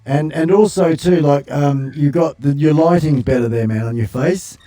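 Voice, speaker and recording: A man's voice: on the high side, normal speed, dark tone, echoey room, soft background music. An older Australian man hosting a casual live stream from his home studio, joking and calling guests mate. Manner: jovial, matey banter with frequent laughs. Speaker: livestream host.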